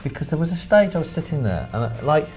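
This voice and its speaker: A man's voice: a little high, very animated, quick pace, a little mellow, faint music behind. A man from Hertfordshire hosting a casual film chat, rambling and correcting himself as he goes. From Hertfordshire, England. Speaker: film review host.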